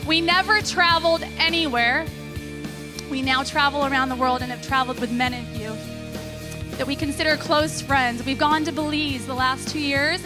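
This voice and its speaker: A woman from California giving an earnest, emotional testimonial as a seminar speaker on a stage. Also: sits high.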